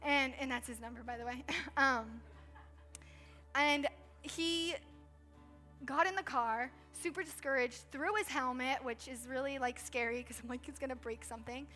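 Woman in her thirties, high voice, chatty sermon storytelling, soft music behind. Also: fairly even intonation, unhurried. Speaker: pastor's wife preaching. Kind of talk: conversational sermon. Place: church stage.

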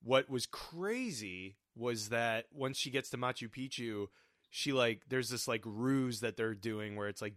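A man chatting casually about a film, chatty and quick to laugh. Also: mid-range voice, fairly bright tone, no echo, clean studio sound.

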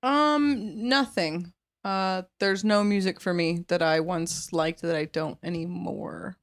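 A woman co-hosting a podcast in casual chat, bubbly and quick to laugh. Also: on the low side. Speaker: podcast co-host.

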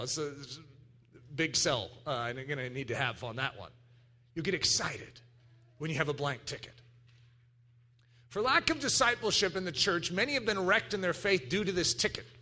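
Male pastor, lively sermon delivery, bright high voice, swings wide in pitch, bursts into shouts. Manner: animated preaching with acted-out voices and sudden shouts.

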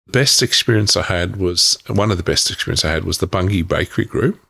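A middle-aged man, a podcast guest, telling his life story frankly, with halting restarts and the odd swear word. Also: low voice, vocal fry, a bit bright, husky. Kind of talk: candid personal storytelling.

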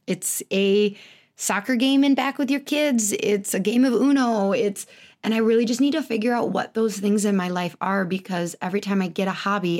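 A woman in her thirties talks alone on her podcast. She is candid and self-mocking, and her pitch often leaps upward. Her voice sits at an ordinary pitch for a woman. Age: 30s. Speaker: podcast host. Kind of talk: casual solo podcast monologue.

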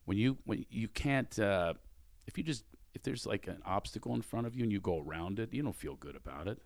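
A male talk show host with a lowish voice speaks earnestly and reflectively, encouraging his guest as they chat. The sound is close and dry, with no room around it. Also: animated, fairly quick, creaky, no echo. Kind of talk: casual interview chat.

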